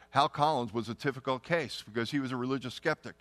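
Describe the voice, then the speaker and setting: A middle-aged man telling a personal testimony story, earnest and often dropping to a hushed tone. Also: medium pitch, fast, no echo. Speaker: testimony speaker.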